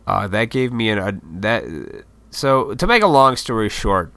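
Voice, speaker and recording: A man's voice: mid-range voice, lively intonation, normal speed, fairly bright tone, no room sound. A man in his thirties, a YouTuber, in a casual, rambling, profane vlog monologue. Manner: rambling, profane, laid-back, self-deprecating.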